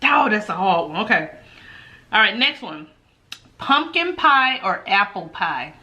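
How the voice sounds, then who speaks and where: Bright, chatty woman eating on camera. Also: mid-range voice, very animated, a little slow. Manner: chatty, laughs often, talks between bites. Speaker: mukbang host. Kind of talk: casual chat while eating.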